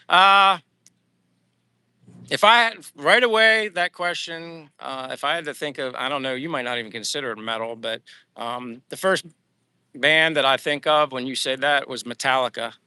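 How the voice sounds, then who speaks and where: Older man from Pennsylvania, a casual rambling streamer outdoors, crisp dry sound. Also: medium pitch, lively intonation, normal speed, pushed and bright, no echo. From Pennsylvania, USA. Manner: rambling, friendly, frequent fillers and restarts. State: sweating in the heat. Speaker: livestream vlogger reading chat. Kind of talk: casual live chat while walking. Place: outdoors under trees in the heat.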